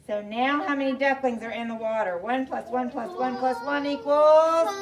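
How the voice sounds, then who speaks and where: A woman teacher reading a picture book aloud to her class in an animated way, asking the children questions. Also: high-pitched, normal speed. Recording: distant mic, faint noise.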